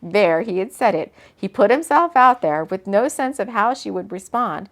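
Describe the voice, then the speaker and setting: A woman, an author, reading her own book aloud in a relaxed way, breaking off for casual asides. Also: mid-range voice, normal speed. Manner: chatty, laughs at her own slips and comments mid-reading.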